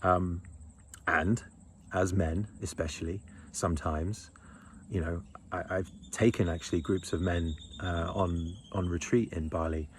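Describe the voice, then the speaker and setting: A man's voice: deep voice, slight background noise. A man in his thirties talking in a blunt, rambling monologue, swearing freely and chuckling between thoughts. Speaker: men's retreat leader. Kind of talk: casual monologue.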